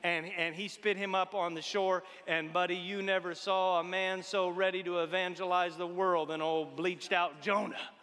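A man preaching a folksy, humorous sermon, swinging between loud exhortation and hushed tones. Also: high-pitched, little pitch movement, normal speed, few pauses, in a large hall.

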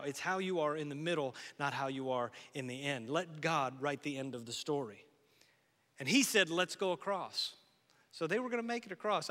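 A male pastor preaching a sermon, moving between loud urgent emphasis and soft, hushed encouragement. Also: high voice, big-room sound.

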